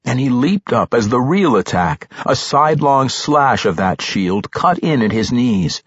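A man reading a fantasy novel aloud as an audiobook narrator, with dramatic, expressive storytelling. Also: medium pitch, measured pace, slightly rough, no room sound. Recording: slightly muffled audio.

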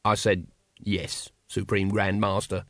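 A man voicing a nervous male cult member who speaks in a low, hesitant hush. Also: level tone, takes it slowly, no room sound, studio quality. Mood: timid. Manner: hushed, hesitant, trembling. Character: timid, nervous man in a secret society.

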